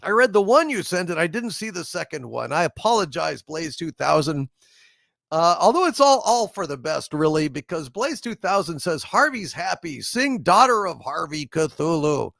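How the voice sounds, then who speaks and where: Gravelly, chuckling live-stream host, a man. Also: on the high side, very animated, a bit bright, dry recording, clean studio sound. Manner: rambling, chuckling, drawn-out fillers and restarts. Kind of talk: casual live-stream chat reading super chats.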